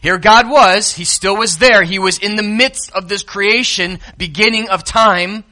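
A man preaching a sermon to his congregation, swinging from loud, emphatic declarations to hushed asides and talking directly to the people in front of him. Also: high-pitched, a little slow. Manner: speaks directly to the congregation, calling to the kids and the lights operator. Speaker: pastor.

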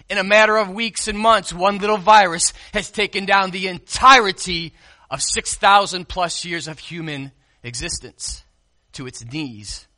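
A man delivers a sermon in a high, bright, ringing voice. He preaches conversationally, leaning hard on key words and then easing into quieter stretches. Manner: conversational preaching with call-and-response. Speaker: pastor.

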